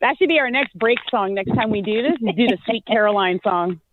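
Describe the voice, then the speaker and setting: A woman's voice: medium pitch, brisk, slight background noise. A woman reading as a psychic guest, chatting casually and effusively on a call-in radio show. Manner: chatty, effusive, lots of "like" and "you know". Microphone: phone call-in. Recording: tinny phone line.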